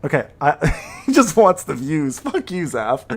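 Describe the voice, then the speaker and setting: A man with a high, bouncy voice that swings all over the place, firing off teasing, swear-filled jabs. He plays up mock outrage at his buddy during casual livestream banter. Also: big pitch swings, a little slow. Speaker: gaming streamer.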